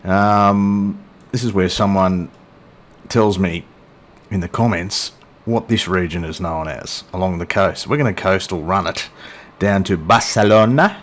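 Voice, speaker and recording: A man's voice: sits low, a little slow. A middle-aged man hosting a flight sim video, chatty and self-deprecating, joking with a silent co-pilot as he flies. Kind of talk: casual gameplay commentary.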